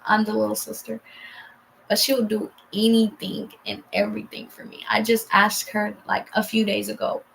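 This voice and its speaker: Hoarse young woman with a gravelly voice. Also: medium pitch, a bit bright, slight background noise, rough recording. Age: 20s. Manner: rambling, acts out conversations in quotes. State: hoarse, voice giving out. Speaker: vlogger. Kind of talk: casual storytime chat.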